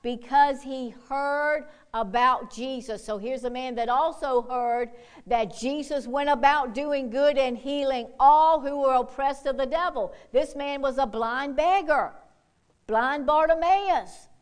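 A woman preacher with a high voice delivers a fervent sermon. She drops into hushed asides, then rises to loud, bold exhortation with whoops and hallelujahs. She keeps pressing her listeners to act. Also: unhurried, clean tone.

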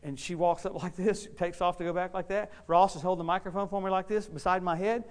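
Preacher guy, kinda high voice, folksy and animated, tells stories from the pulpit and stumbles over words when he gets going. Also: fast talker. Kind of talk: storytelling sermon.

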